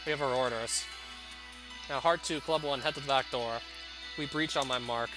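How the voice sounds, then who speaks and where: A man's voice: medium pitch, steady tone, moderate pace, music in the background, natural voice. A man reading a curt tactical squad leader. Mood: commanding. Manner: clipped, commanding.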